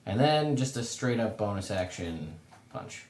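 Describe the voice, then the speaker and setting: A man's voice: lowish voice, very animated, a little slow, echoey room, distant mic, heavy background noise. A man playing a tabletop game, grumbling and muttering with casual swearing. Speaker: player.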